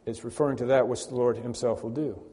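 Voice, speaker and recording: A man's voice: mid-range voice, steady tone, quick pace, mellow. A male pastor preaching a sermon, stressing and repeating key phrases with rising force. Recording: long hall reverb.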